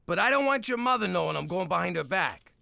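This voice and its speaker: Gravelly cartoon mob dad, blustery, exasperated, lively swoops in pitch. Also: male voice, fast talker, a little hiss or hum, heavily acted. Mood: coaxing. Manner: exasperated, shouts then caves. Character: blustery middle-aged mob dad, soft on daughter. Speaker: strip club co-owner and father.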